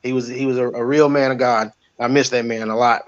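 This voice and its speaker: A man on a panel talking casually, relaxed and rambling with plenty of fillers. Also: medium pitch, brisk. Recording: dull lo-fi mic.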